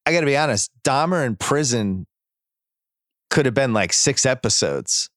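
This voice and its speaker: A man hosting a podcast, casually recapping a TV series and acting out scenes with quick put-on voices. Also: mid-range voice, dry recording, clean studio sound. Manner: animated retelling, acts out scenes in quick voices. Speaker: podcast host.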